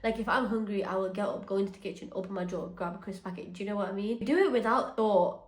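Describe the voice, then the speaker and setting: A woman's voice: medium pitch, fast, reverberant. A young woman vlogging to her phone at home, chatty and sincere, often emotional and grateful. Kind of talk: casual vlog talk to camera. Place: home, indoors.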